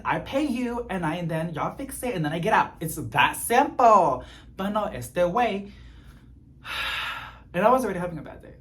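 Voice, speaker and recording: A man telling a story in casual chat, expressive and growing exasperated as he vents. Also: sits high. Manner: expressive, gets animated and exasperated while venting. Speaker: plant vlogger.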